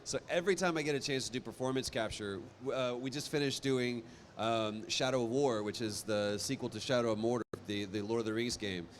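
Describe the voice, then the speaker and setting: A man in his thirties telling stories on a convention stage into a handheld mic, animated and self-deprecating. His voice sits at a mid pitch, and he trips into frequent restarts. A faint hiss sits under the sound. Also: brisk. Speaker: voice actor guest on a convention panel. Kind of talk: live panel storytelling.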